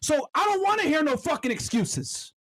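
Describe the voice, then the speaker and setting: A man's voice: very high-pitched, big pitch swings, normal speed. A man in his thirties in a played clip, ranting aggressively and swearing heavily. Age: 30s. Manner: aggressive, scolding, heavy swearing; shouts at times. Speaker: podcast host in a played clip. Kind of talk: profane ranting monologue.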